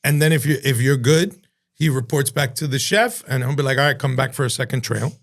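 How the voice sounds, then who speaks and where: Gravelly, animated man telling kitchen stories. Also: mid-range voice, a little fast. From Cuban-American from New Jersey. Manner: animated, profane, acts out dialogue in voices. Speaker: chef and entrepreneur, podcast guest. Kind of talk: casual storytelling interview.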